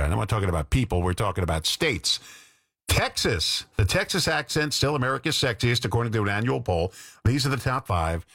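A man's voice: medium pitch, fairly bright tone, dry recording, studio quality. A man working as a radio DJ, chatting casually on air with joking asides between songs. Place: radio studio.

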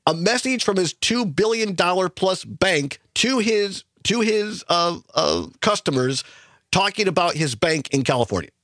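A man hosting a political radio talk show, chatty and animated, laughing easily. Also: high voice, a little slow, dry recording, studio quality. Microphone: studio microphone.

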